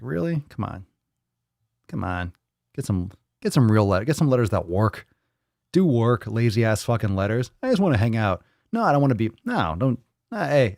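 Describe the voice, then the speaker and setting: Male live-stream host, low voice, dry close sound, rambling profane banter. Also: a little mellow, no echo. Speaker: fitness livestream host. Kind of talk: casual live-stream chat.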